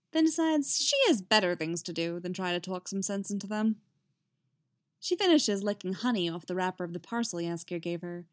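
A woman reading fiction aloud in a calm, unhurried storytelling manner. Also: mid-range voice. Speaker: reader. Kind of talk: audiobook-style fiction reading.

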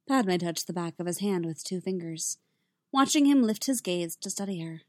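Lady reading fiction out loud, calm steady narration, no room echo. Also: fairly low pitch, normal speed, studio quality. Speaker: reader. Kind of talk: reading fan fiction aloud.

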